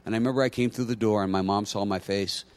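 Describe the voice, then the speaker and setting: A man preaching a sermon, telling a personal story in a conversational way and building to loud, emphatic preaching. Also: lowish voice, steady tone, quick pace. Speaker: pastor.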